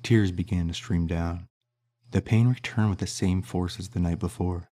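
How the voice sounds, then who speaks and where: A man narrating an audiobook in a measured, steady reading. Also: sits low.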